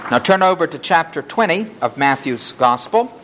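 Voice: medium pitch, expressive, moderate pace, fairly bright tone, slight background noise. A preacher giving a sermon, reading scripture passages aloud and lifting the voice for quoted cries.

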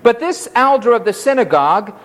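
A man's voice: extremely high pitch, very animated, a little fast, a bit bright. A man preaching an expository sermon, telling the story expressively and acting out the quotes.

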